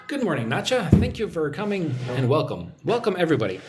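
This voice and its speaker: A man giving a live-streamed English lesson, relaxed and chatty as he reads out viewer comments. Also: a little high, normal speed, long pauses, slight background noise. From United States. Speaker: English teacher.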